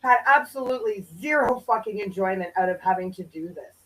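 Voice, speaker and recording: A woman co-hosting a livestream, arguing emotionally with swearing and quick apologies. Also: mid-range voice, expressive, over a noisy crowd, poor audio. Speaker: livestream co-host. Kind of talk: heated livestream argument.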